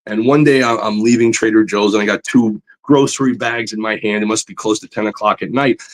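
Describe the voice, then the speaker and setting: A comic book artist guests on a podcast, his fairly low voice moving briskly as he tells stories animatedly, peppered with "you know," and climbing in pitch when he gets excited. The recording quality is low.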